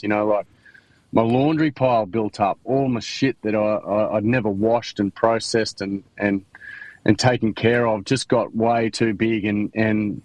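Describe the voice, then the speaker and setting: A podcast guest from Queensland, Australia, with a voice on the low side, tells his life story in a frank, slang-heavy way, full of fillers and false starts, in a candid interview. The recording is dry and low quality.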